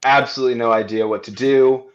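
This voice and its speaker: A man narrating his character's actions in a tabletop role-playing stream, halting with many fillers and restarts. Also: mid-range voice, fairly even intonation, lo-fi sound. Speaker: player.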